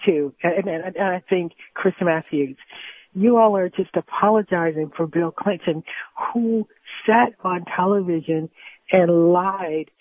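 A woman's voice: on the low side, a little slow, no echo. A woman calling in to a talk radio show, indignant and talking over the host. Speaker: caller. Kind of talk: call-in complaint on talk radio. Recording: tinny phone line.

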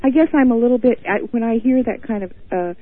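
A man's voice: very high voice, fast. A man from Montana calling in to a radio show, chatting in a campy, flamboyant way and calling people honey. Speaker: caller. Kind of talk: phone-in chat. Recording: tinny phone line.

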